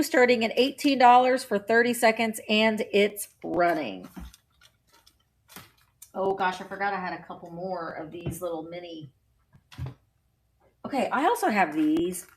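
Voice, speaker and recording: A woman's voice: on the high side, measured pace, long pauses. Chatty woman running a live sale. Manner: chatty, bubbly, with playful sing-song noises. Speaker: vintage seller running a live auction.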